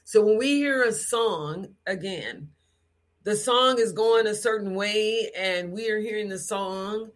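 Measured in pace and medium in pitch, an adult teaches about sound without a script, speaking strongly, frankly and directly. Lively adopted voices and bits of song serve to show the sounds.

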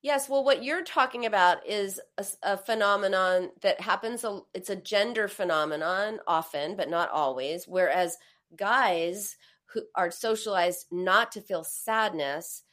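A woman hosting a live advice talk, speaking reassuringly and voicing comforting phrases as she explains. She is middle-aged, and her pitch sits in the middle of the usual range for a woman. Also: measured pace. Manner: warm, reassuring, acts out comforting quotes. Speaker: host and therapist. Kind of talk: live-streamed advice conversation.

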